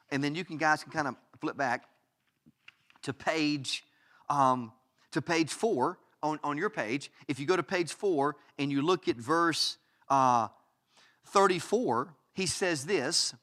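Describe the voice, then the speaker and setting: A man's voice: high-pitched, fairly bright tone. A male pastor preaching a sermon, emphatic, often restarting phrases and asking the congregation rhetorical questions. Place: church.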